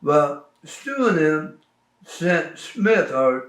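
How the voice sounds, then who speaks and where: A man's voice: fairly high pitch, sing-song, extremely slow, fairly bright tone, reverberant. A man in a casual shoot interview who tells folksy stories and keeps saying "right" as he listens. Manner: folksy storytelling, frequent "right" acknowledgements. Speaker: wrestling veteran interviewed.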